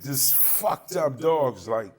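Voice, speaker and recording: A man's voice: mid-range voice, big pitch swings, slow. A man from Southern California hosting a podcast, telling stories in a casual, profane way and acting out the people in them. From Altadena, Southern California. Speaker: podcast host. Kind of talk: casual storytelling chat.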